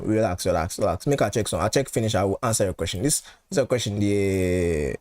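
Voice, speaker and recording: A man's voice: fairly low pitch, animated, quick pace, hardly any pauses, a little mellow. A man with a Nigerian accent hosting a live football watchalong. He chats casually, repeats his phrases and moves between pidgin and English. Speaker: football channel host. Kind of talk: live match watchalong chat.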